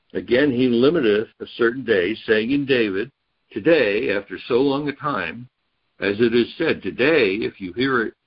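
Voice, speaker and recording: A man's voice: fairly low pitch, slightly rough, lo-fi sound. A man teaching a Bible study, reading verses aloud and explaining them point by point. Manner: reads scripture aloud, then explains it step by step.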